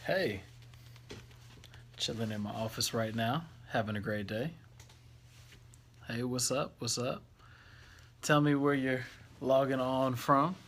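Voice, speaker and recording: A man's voice: medium pitch, slow, long pauses, fairly bright tone, slight background noise. Upbeat man greeting livestream viewers. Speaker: host of an encouragement livestream. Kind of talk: casual livestream chat. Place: office.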